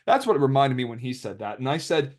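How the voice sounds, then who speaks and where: A man's voice: medium pitch, very animated, fast talker. A young man casually commentating over his card game replays, rambling and joking as he retells a dispute. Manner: rambling, joking, quotes others in put-on voices.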